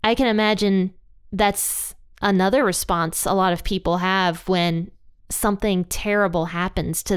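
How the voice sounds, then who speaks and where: A woman with a smooth, lowish voice hosts a Bible teaching podcast, working through a passage in a casual Bible study talk. She comes across as earnest and reflective, with frequent restarts.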